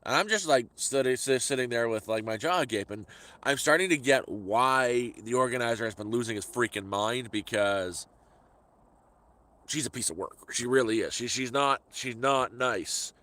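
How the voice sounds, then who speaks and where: A middle-aged man vents through a casual vlog story into a handheld phone, stumbling over repeated words as his frustration builds. His voice is bright and forward, with a mid-range pitch. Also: normal speed. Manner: exasperated, ranting, repeats words. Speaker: vlogger. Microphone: phone held by hand.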